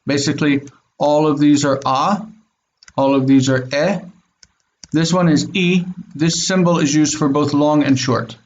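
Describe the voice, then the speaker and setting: A man's voice: fairly high pitch, fairly even intonation, measured pace, muffled recording. A man teaching Biblical Hebrew in an online class, explaining step by step and checking in with his students. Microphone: video call.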